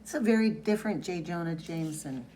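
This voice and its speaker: A woman's voice: on the low side, lively intonation, fairly quick, dark tone, slight background noise. A woman co-hosting a podcast, giving short laid-back reactions in casual chat. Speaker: podcast co-host.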